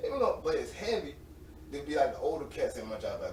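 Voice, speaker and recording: A man in his late twenties, an interview guest, telling animated, slangy stories and laughing often. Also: mid-range voice, fast. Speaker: interview guest, semi-pro football player. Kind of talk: casual storytelling. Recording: roomy, distant mic with faint noise.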